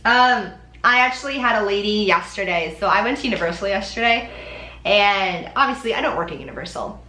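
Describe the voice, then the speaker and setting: A woman's voice: medium pitch, expressive, brisk, sharp tone, echoey room. A young woman vlogging in a casual, chatty way, with lots of ums and likes. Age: young adult. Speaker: Disney College Program vlogger. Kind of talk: casual chat.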